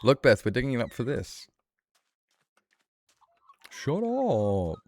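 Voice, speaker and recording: A man's voice: mid-range voice, quick pace, no echo. A man streaming a survival game, chatting with viewers in a worked-up, playful rant. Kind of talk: casual live-stream chat.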